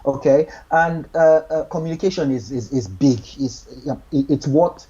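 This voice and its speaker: A man talking through relationship advice in an earnest, meandering way, doubling back over his own words. His voice is husky and mellow, and the recording sounds dull and lo-fi. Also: mid-range voice, moderate pace. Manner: earnest, repeats words, many restarts and "you know". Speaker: guest giving relationship advice. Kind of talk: casual advice chat.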